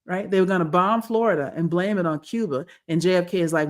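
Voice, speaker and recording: A woman's voice: lowish voice, brisk. Woman talking politics on a podcast. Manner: rambling, with restarts and quoted voices. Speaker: podcast co-host. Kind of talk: casual political chat.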